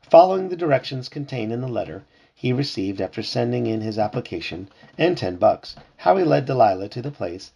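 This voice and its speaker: A father reads a children's storybook aloud at home, with a gravelly, slightly husky voice. He reads with lively expression and slips into voices for the characters. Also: medium pitch, a little fast, highs cut off.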